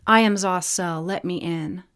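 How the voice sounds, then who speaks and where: A woman's voice: fairly low pitch, unhurried, a bit bright. A woman reading Zin, a terse winged warrior. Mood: commanding. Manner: terse and commanding. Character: proud angry winged male spirit warrior.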